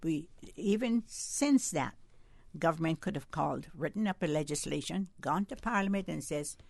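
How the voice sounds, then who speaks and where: A woman's voice: low voice, lively intonation, normal speed, gravelly, darkish tone, no room sound. An older woman, arguing points emphatically as a guest on a call-in radio discussion. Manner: emphatic, argumentative, rising for emphasis.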